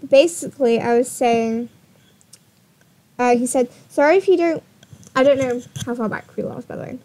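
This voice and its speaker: A young woman vlogger retelling a personal story in an animated way, swearing and laughing. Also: sits high, moderate pace, pauses often.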